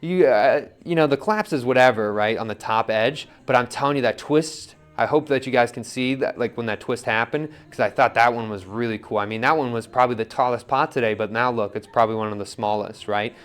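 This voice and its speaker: A man's voice: medium pitch, a little fast, hardly any pauses, smooth, soft background music. A man casually demonstrating pottery on the wheel, talking his viewers through each step with lots of "like" and "right?". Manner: relaxed, chatty, lots of "like" and "right?". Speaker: pottery teacher.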